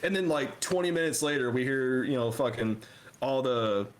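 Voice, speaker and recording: A man's voice: mid-range voice, moderate pace. Profane young man telling war stories. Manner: profane, animated anecdotes, acts out voices. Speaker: podcast co-host. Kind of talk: casual storytelling chat.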